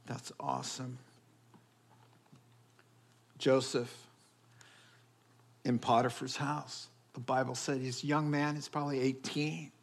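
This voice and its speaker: A man preaching a sermon, telling stories and acting out quoted voices in an animated way. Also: high voice. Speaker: pastor.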